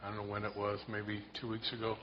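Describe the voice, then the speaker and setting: A man telling a casual, self-deprecating story to a church group in a relaxed way. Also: lowish voice, quick pace. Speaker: church member sharing a story. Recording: dull lo-fi sound with faint noise.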